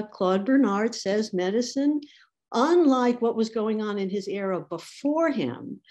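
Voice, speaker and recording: A woman's voice: medium pitch, darkish tone. A woman speaker at a medical education symposium, giving an academic lecture with wry asides as she quotes thinkers.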